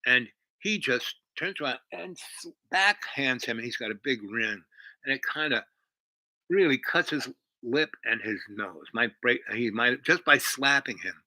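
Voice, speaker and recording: A man retells a story in a loose, casual way, looping back through fillers and half-finished sentences. His voice is bright and forceful, and the sound is dry and close. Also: mid-range voice, expressive, a little slow, dry recording, low-quality recording. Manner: rambling, many fillers and restarts. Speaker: host.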